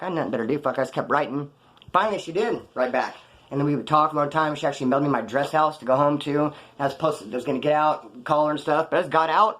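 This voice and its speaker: A man's voice: fairly high pitch, fairly bright tone. A man casually telling rambling, profane prison stories off the cuff, full of slang. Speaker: storyteller recounting his prison past.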